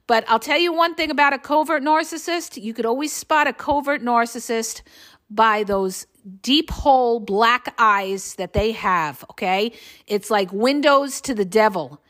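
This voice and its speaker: Her voice is a little high and a bit bright as this middle-aged podcast host, a relationship coach, delivers a casual monologue. She's blunt and emphatic, repeatedly checking in with listeners by saying "okay?"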